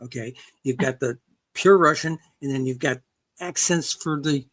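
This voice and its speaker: A woman's voice: very deep voice, normal speed. An older woman guest in a casual interview, rambling with frequent restarts and "okay" checks. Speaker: guest researcher and author.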